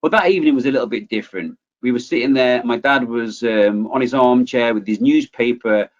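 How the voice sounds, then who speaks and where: A man, giving a motivational webinar talk in a chatty, lively way and telling personal stories. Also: mid-range voice, fairly quick. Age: 40s. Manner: chatty, lively, acts out quoted voices. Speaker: webinar presenter. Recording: slightly muffled webinar audio.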